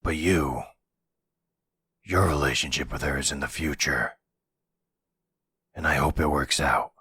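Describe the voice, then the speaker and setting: A man voicing a calm older mafia man, the heroine's ex, in an ASMR boyfriend role-play, speaking reassuringly. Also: rumbling low, unhurried, husky, full character voice.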